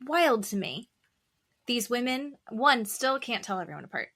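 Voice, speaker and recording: A woman co-hosting a podcast, chatting about reality TV in an animated way with quick asides and bursts of laughter. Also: fairly high pitch. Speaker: podcast co-host. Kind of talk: casual chat about reality TV.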